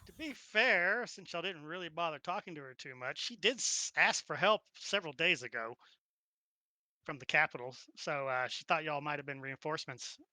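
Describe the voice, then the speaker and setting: Brief: giggly woman game master, animated pitch, bright tone. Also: moderate pace, no room sound. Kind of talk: narrating a tabletop game.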